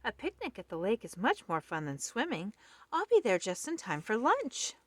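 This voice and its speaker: A woman's voice: a little high, huge pitch swings, moderate pace, no room sound, pitched above the performer's own voice. A woman voicing a nervous male pig who is afraid of swimming, in a storybook reading. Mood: timid. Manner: worried, protesting.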